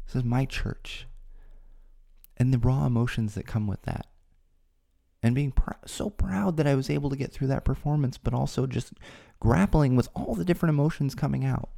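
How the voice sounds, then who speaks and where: A man's voice: mid-range voice, gravelly, warm tone. A man hosting a podcast, telling a personal story in an earnest, candid way. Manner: earnest, candid, talks from the heart. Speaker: podcast host.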